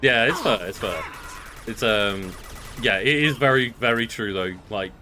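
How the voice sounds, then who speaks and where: A man's voice: fairly low pitch, measured pace. A young man from Merseyside, co-hosting a game stream and chatting in a laid-back, sweary way. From Merseyside, England. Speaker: stream co-host. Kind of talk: casual chat over gameplay. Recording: steady background noise.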